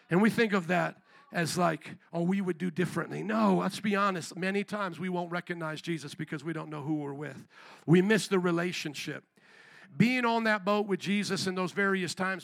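A male pastor preaching a lively sermon in church, acting out quick voices and rising to shouts. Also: high-pitched. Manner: animated preaching, acts out voices.

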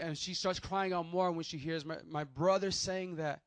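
A man's voice: fairly high pitch, fairly even intonation, moderate pace, a bit bright, dry recording. A young man, preaching a sermon and telling a personal testimony in a loose, conversational way. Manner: conversational storytelling with restarts and acted quotes.

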